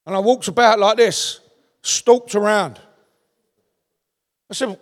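A man from London with a strong Cockney accent, preaching a sermon in animated storytelling style and calling out to the crowd. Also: high voice, takes it slowly. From London, England. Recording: long hall reverb.

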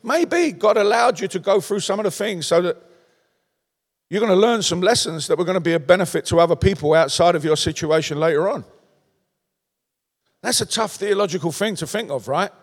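A man's voice: sits high, a little fast, big-room sound. A man preaching a sermon in a conversational way, tossing out rhetorical questions in a large church.

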